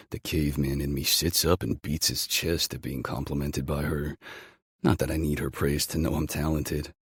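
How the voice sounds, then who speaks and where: Male narrator, very deep, husky, calm intimate audiobook reading. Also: normal speed, no echo, clean studio sound. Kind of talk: first-person romance audiobook narration.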